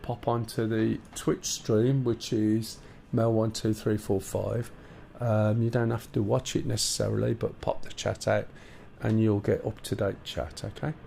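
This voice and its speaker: Gravelly Black Country man streaming. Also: fairly low pitch, level tone, unhurried, hardly any pauses, warm tone, a little hiss or hum. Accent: Black Country English. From English Midlands. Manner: chatty, bantering with chat while explaining cockpit steps. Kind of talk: casual live-stream chat.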